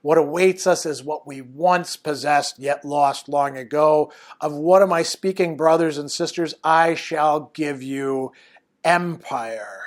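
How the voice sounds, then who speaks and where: A man's voice: fairly high pitch, slow. A man reading out the lines of an arrogant young warrior from a novel, in a declamatory way. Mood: grandiose.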